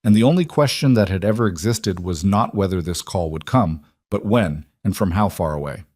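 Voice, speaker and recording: A man tells a dramatic story in a measured, even narration. His voice sits on the low side and sounds dry and close, with no room echo.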